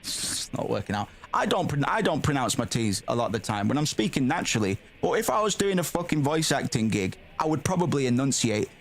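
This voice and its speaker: A man's voice: medium pitch, big pitch swings, brisk. A man streaming a game, reading its text aloud and chatting bluntly, swearing freely and calling the audience "man" and "bro".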